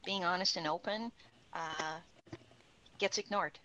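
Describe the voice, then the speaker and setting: Woman in casual chat, wry questioner, bright forceful tone. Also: fairly low pitch, a little slow, a little hiss or hum, poor audio. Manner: wry, questioning, laughs easily.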